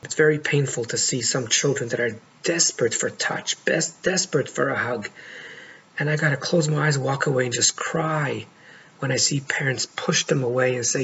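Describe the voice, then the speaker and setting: A middle-aged man speaking as a life coach in an earnest, heartfelt monologue, often pausing to stress words. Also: mid-range voice, fairly bright tone. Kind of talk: monologue to camera. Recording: dull lo-fi audio with faint noise.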